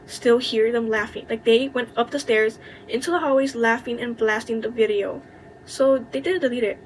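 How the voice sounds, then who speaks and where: A young woman telling a college story in a candid, indignant way, with plenty of swearing and quick asides. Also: fairly high pitch, a little hiss or hum, rough recording. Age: young adult. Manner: indignant, venting. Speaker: vlogger. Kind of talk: casual storytime chat.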